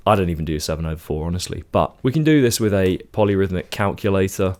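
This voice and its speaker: A man's voice: low-pitched, fast talker, a little mellow. A man from the United Kingdom teaching a songwriting lesson in a casual, step-by-step way, counting beats aloud. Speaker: music teacher. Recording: faint guitar and music behind.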